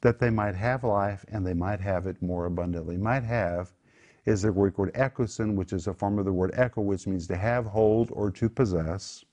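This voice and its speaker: Male pastor, low voice, emphatic sermon-style teaching. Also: normal speed, dark tone. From United States. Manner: emphatic, rises sharply on key words.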